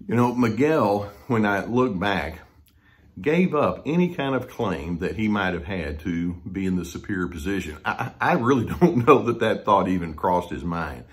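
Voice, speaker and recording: Man in his 60s, lowish voice, therapist recounting a memory, gentle, hesitant, reflective monologue. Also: sing-song. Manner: gentle, unhurried, frequent hesitations.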